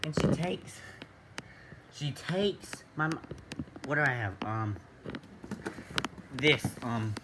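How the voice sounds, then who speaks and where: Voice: mid-range voice, lively intonation, slow, long pauses, noisy background. A vlogger rambling through a silly made-up story with lots of ums and asides. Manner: silly, rambling, many fillers.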